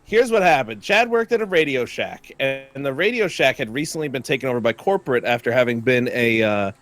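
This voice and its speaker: A man's voice: medium pitch, a little fast. A man chatting casually while gaming, telling a story with lots of laughter and swearing. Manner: animated, laughing, swears freely. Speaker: gamer and co-streamer.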